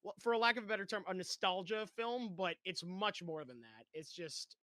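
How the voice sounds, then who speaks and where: A young man co-hosting a podcast, casually sharing movie trivia in a quick, chatty way. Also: high voice, sharp tone, no room sound. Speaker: podcast co-host.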